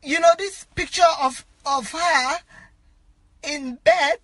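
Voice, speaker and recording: A crying woman records an appeal on her phone from inside a car, her very high, piercing voice leaping up and down as she pleads. She keeps breaking into shouts and repeating herself. The sound is close and dry, with no room echo. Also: takes it slowly. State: crying, distraught. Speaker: actress. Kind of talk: emotional self-recorded appeal.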